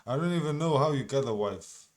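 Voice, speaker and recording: A man's voice: mid-range voice, expressive, brisk. A man commentating on a clip in a profane, mocking, rambling rant. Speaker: reaction commentator.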